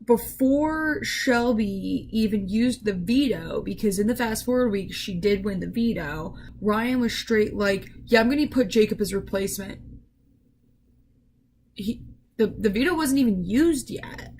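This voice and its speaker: A woman's voice: mid-range voice, animated, measured pace, a little mellow, a little hiss or hum, poor audio. A woman contestant talking in a confessional, chatty and full of fillers. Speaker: online game contestant.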